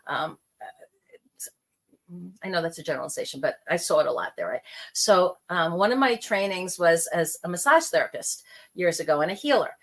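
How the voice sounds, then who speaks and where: A middle-aged woman from New York talking casually, telling animated stories and acting out the voices of people she quotes. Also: on the low side. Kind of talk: casual conversation.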